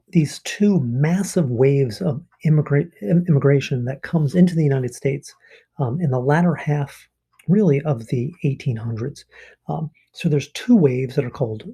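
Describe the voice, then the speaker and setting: A man's voice, on the high side, mellow with a breathy edge, delivers a recorded online history lesson. He explains things casually and conversationally, often checking in with listeners and saying um and a rhetorical "right" a lot.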